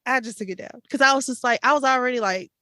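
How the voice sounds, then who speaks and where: A woman co-hosting a podcast, telling a story in an animated, chatty way with laughs and fillers. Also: fairly high pitch, quick pace, no echo, studio quality. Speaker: podcast co-host. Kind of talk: casual storytelling chat.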